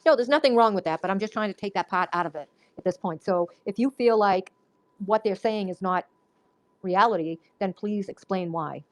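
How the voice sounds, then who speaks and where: Woman hosting a voice chat room, calm, keeps everyone even. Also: mid-range voice, normal speed, no echo, poor audio. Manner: calm, even-handed moderator. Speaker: host of an audio chat room. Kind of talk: moderating a live voice chat.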